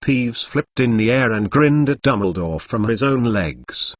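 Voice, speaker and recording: A man narrating a storybook chapter, reading plainly through a rough translation. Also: medium pitch, animated, measured pace, no room sound, clean studio sound.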